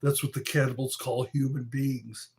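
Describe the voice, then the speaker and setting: A man's voice: medium pitch, little pitch movement, moderate pace, very noisy, lightly acted. A man doing an impression of a brash tough-talking public figure, in a blunt, matter-of-fact manner.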